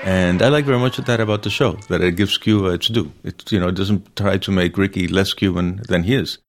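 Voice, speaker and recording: A male professor speaks in a thoughtful, appreciative way during an interview. His voice is very deep. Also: fairly even intonation, brisk.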